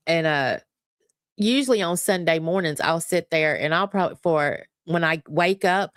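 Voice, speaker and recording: A woman's voice: low-pitched, smooth, no room sound, studio quality. A woman hosting a casual morning livestream, chatting to her viewers in a laid-back way. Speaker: livestream host.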